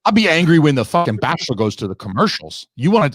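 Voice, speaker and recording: A man's voice: fairly high pitch, very animated, quick pace, fairly bright tone, slightly rough, dry recording, clean studio sound. A man hosting a podcast, telling a long, profane, ranting story in casual chat. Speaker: podcast host.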